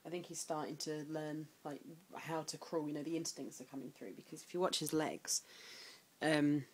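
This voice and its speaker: Chatty mum vlogging at home. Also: female voice, fairly even intonation, moderate pace, husky, poor audio. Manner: chatty, switches to high sing-song baby talk. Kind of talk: casual vlog chat.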